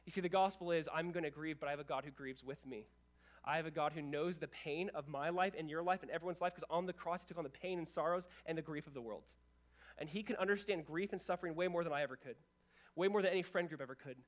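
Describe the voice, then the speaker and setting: A man with a notably high voice delivers a sermon as pastor. His talk is earnest and casual, full of restarts and "like"s. He moves between hushed, low stretches and raised, emphatic ones. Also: fast talker. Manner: earnest, conversational preaching with many restarts and "like"s.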